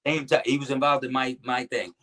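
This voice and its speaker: A middle-aged former pro wrestler from New Jersey, guesting in a relaxed interview, tells old stories a little fast in an ordinary mid-range male pitch. He rambles, restarts sentences, and slips into the voices of people he quotes.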